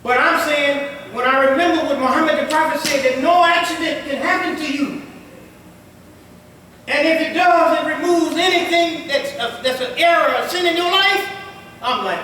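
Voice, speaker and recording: Man preaching a sermon, very high voice, sharp tone, loud and soft by turns, frequent laughter, echoey hall, distant mic. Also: moderate pace, slight background noise. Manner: lively preaching that swings between loud and quiet; laughs often while telling stories. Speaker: imam. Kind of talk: Friday sermon. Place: mosque prayer hall.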